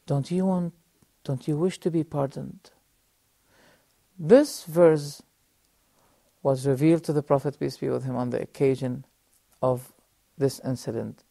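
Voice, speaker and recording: A man in middle age delivers a religious lesson in a dark, mellow voice at an everyday pitch. He speaks earnestly and in measured phrases, pausing often and turning to the audience with questions. The sound is dry and close, as in a TV studio. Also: creaky, dry recording. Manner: addresses the audience directly. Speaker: religious teacher and TV presenter.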